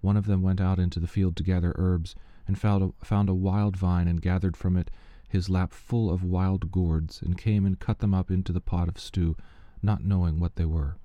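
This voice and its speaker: Deep, dark-voiced man reading scripture. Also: dry recording. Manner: steady, measured reading with small slips and restarts. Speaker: scripture reader. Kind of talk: unhurried Bible reading.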